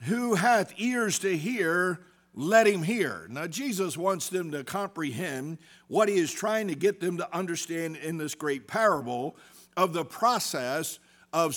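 Preaching a sermon from the pulpit, a middle-aged pastor with a slightly higher-than-usual voice moves between loud, emphatic bursts and quiet, hushed asides. He is expressive and unhurried, pausing to check in with the congregation.

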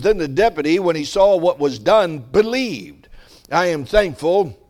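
A man's voice: sits high, darkish tone. Man preaching a fervent sermon. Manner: preaching with rising emphasis, conversational asides. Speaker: pastor.

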